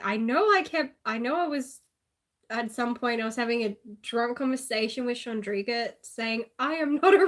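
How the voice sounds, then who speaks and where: A woman's voice: a little high, a bit bright. A woman with an Australian accent chatting casually and sarcastically on a live stream, laughing often.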